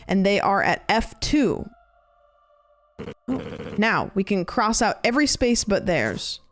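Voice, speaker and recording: A woman's voice: mid-range voice, big pitch swings. Chatty woman streaming a game. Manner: chatty, thinking aloud, quick reactions. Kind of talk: live gameplay commentary. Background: game music.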